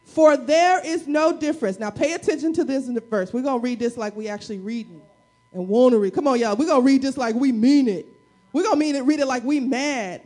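A woman pastor fires through her sermon as a fast talker, her voice a little high, bringing energy, call-and-response, and playful asides to her church service.

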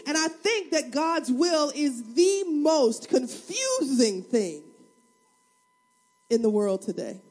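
Woman pastor, high voice, animated and funny sermon delivery, talks straight to the pews. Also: slow pace. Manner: animated, humorous, acts out prayers and everyday scenes; conversational, addresses the congregation directly.

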